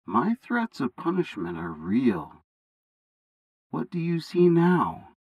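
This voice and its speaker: A man voicing God as a calm, fatherly deity in a bible story reading, speaking steadily and with authority. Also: mid-range voice, slow pace, husky, no room sound, lo-fi sound, full character voice. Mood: instructive.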